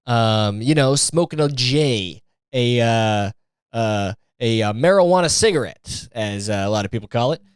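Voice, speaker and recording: This young podcast host speaks at an unhurried pace in an animated, medium-pitched voice, recorded cleanly with no room sound. His casual comedic monologue wanders through stories laced with swearing, jokes, and mimicry of others.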